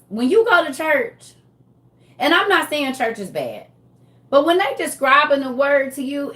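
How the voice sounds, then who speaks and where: Slow, animated woman riffing comedically. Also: sits high. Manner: animated, slangy, laughs often. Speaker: comedian vlogger. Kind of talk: comedic monologue.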